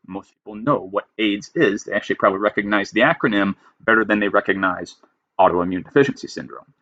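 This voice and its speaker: Male writing teacher with a lowish voice, recorded dry and a bit muffled, explaining rules emphatically. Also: fairly bright tone, no room sound. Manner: emphatic, reads a rule then explains it plainly. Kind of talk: lecture reading rules with commentary.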